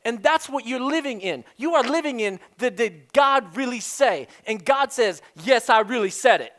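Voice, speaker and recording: A male pastor preaching a sermon emphatically, repeating a key phrase and swinging from loud, raised delivery down to a hushed, quiet tone. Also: very high-pitched, animated, normal speed.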